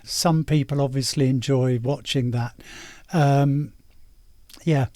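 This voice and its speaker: A man's voice: mid-range voice, fairly even intonation, slow, darkish tone, no room sound. A man hosting a reaction video, talking in a mocking, rambling way with lots of fillers. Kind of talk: casual sarcastic commentary.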